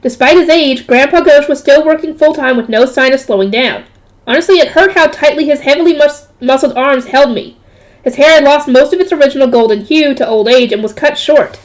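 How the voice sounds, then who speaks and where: A woman's voice: sits high, fairly quick. A woman reading a light novel aloud, stopping often to add casual jokey comments. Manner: breaks off to comment and joke. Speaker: reader.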